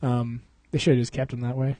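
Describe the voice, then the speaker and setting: A man's voice: mid-range voice, little pitch movement, brisk, warm tone, dry recording. A young man co-hosting a podcast in casual chat, rambling, slangy and laughing often. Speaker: podcast co-host.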